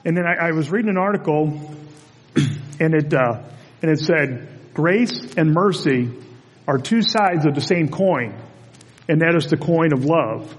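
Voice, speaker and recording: A man delivers a relaxed, conversational sermon, telling stories in a chatty pastor's manner. His voice sits a little on the high side. The sound carries a long reverb from a church sanctuary. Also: measured pace, long pauses.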